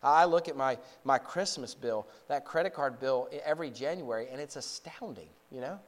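A pastor in his forties preaching a sermon, moving from a relaxed story to fervent, raised exhortation, with frequent repeated words and restarts. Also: medium pitch, moderate pace. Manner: frequent word repetitions and restarts.

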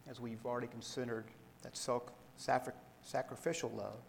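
A man preaching a sermon, reading scripture aloud in a measured way and explaining it to the congregation. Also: medium pitch, flat delivery, vocal fry, long reverb tail, a little hiss or hum, rough recording. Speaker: pastor.

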